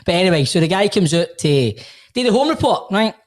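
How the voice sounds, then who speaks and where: A man's voice: high voice, big pitch swings, a little fast. A man with a Glasgow accent, a podcast co-host telling a story in casual banter, laughing and swearing as he goes. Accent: Scottish (Glasgow).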